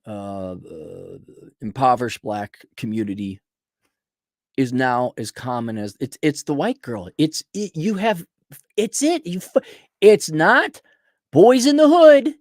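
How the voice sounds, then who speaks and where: A man's voice: mid-range voice, lively intonation, slow pace, no echo, studio quality. A man hosting a live stream, giving sarcastic, scornful commentary in a casual rant with frequent restarts.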